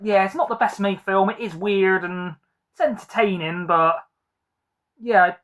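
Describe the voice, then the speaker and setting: A man's voice: sits high, fairly even intonation, a little slow, a bit bright. A man hosting a casual film review chat, rambling with frequent ums and likes. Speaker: film collector host.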